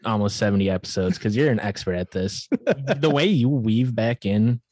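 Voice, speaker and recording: A low-voiced man from the Chicago area, trading dry deadpan jokes as a podcast guest. His voice is recorded close and dry, with no room sound. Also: normal speed, dry recording. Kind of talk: casual comedy podcast chat.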